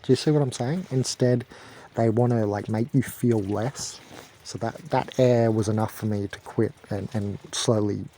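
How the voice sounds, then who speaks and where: A man's voice: lowish voice, steady tone, moderate pace, warm tone, slight background noise. A young man ranting to camera in a heated, profane, rambling way. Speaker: vlogger. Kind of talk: angry ranting monologue to camera.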